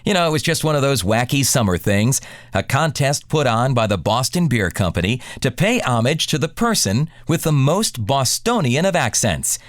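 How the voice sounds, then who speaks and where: A man hosting a radio countdown show, reading scripted song intros in a smooth announcer delivery. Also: mid-range voice, very animated, normal speed, no room sound, studio quality.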